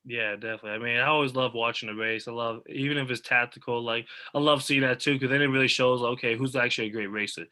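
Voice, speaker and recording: A young man with a very bright, forward voice talks as a guest over a video call. He is animated and eager as he breaks down races, with the energy of a casual chat. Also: medium pitch, fast talker, hardly any pauses. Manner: animated, eager sports talk. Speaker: guest athlete.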